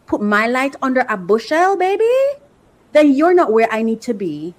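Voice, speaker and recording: Woman podcast host, higher pitch, emphatic and repetitive, affectionate asides. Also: big pitch swings, moderate pace, low-quality recording. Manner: emphatic, repeats phrases for rhythm, drops affectionate asides. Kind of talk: opinionated commentary.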